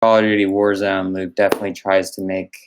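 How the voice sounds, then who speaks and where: A man's voice: sits low, monotone, fast, noisy background. A young man co-hosting a podcast, talking earnestly and enthusiastically in casual chat. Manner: earnest, enthusiastic about snacks. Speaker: podcast co-host.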